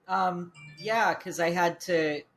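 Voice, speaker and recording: A man's voice: high-pitched, slow, a bit bright, soft background music. A man co-hosting a casual video game chat, laid-back and blunt, cursing casually. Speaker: podcast co-host.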